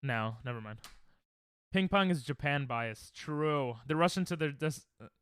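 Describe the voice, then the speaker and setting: A young man streaming a game, chatting casually and reacting excitably to chat on a headset mic. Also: a little high, a little slow, clean tone. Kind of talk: casual live-stream chatter while gaming.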